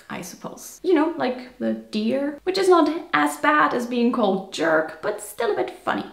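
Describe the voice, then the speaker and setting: High, playful German woman vlogging. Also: creaky, darkish tone. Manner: playful and chatty, with silly asides. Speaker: video host. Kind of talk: casual vlog talk. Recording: roomy echo.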